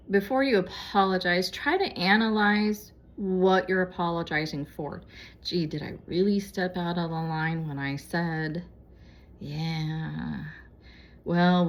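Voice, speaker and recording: Brief: woman vlogger, lower-pitched voice, earnest conversational advice to viewers. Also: fairly bright tone. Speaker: vlogger giving moral advice. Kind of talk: casual heartfelt exhortation to viewers.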